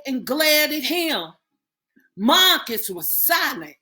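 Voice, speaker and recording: A woman narrating a romance novel aloud in a measured, expressive way. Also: medium pitch, faint music behind. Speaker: audiobook narrator.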